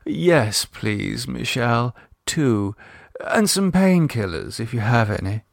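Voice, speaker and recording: A man's voice: mid-range voice, big pitch swings, slow pace, gravelly, dry recording, clean studio sound, exaggerated voice. A man voicing a refined older English lady who speaks languidly and genteelly. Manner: languid and genteel, calls people dear.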